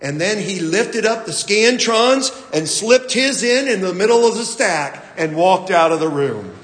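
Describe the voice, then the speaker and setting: A man preaching a sermon as pastor, telling a story slowly with some fillers and restarts. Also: sits high, lively intonation, fairly bright tone, reverberant, long reverb tail.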